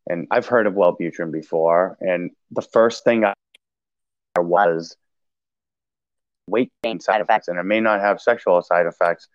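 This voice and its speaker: A man casually telling a personal story in a halting way, with many restarts and fillers. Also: low voice, no room sound, muffled recording. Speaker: podcast guest sharing recovery story.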